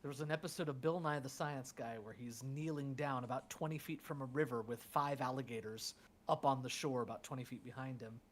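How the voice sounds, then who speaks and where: A game master running a tabletop game in an animated, playful way. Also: medium pitch, brisk, slight background noise.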